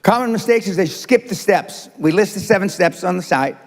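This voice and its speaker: A man's voice: high-pitched, brisk. A man giving a blunt, profane business talk before a live audience, repeating his points for emphasis. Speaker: business speaker. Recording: reverberant hall.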